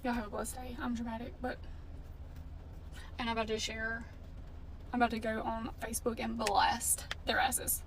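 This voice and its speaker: A woman's voice: on the high side, level tone, moderate pace, vocal fry, pauses often. A woman in a casual storytime vlog, telling a story in a blunt, indignant way and swearing freely. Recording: distant mic with faint background noise.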